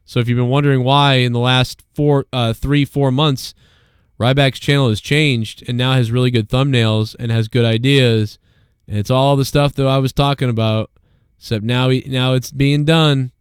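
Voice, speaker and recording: A man's voice: medium pitch, fairly even intonation, normal speed, clean tone, no room sound, clean studio sound. Profane ranting male live-stream host. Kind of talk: casual live-stream rant.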